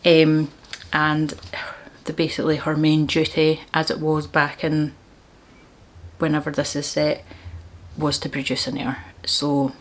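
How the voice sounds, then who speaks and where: A woman vlogging about books, chatty and enthusiastic, with frequent laughs. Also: low voice. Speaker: book vlogger. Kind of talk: casual book chat.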